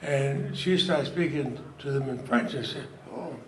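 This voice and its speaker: An older man from Vermont gives a folksy speech at a party in an event hall, chuckling through his anecdotes. His mid-range voice is a little slow, and the recording is echoey with crowd noise.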